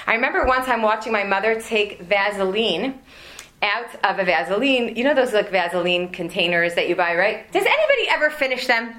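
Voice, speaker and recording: A woman in her forties from the United States teaches a women's class, giving a religious lesson to an audience. She tells humorous family stories full of asides, in a mid-range voice that is fairly bright, with lively intonation and a slightly fast pace.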